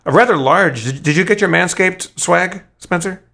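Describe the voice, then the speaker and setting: A man co-hosting a podcast, telling stories in casual chat, profane and animated, stumbling over his restarts. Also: high voice, moderate pace, vocal fry. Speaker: podcast co-host.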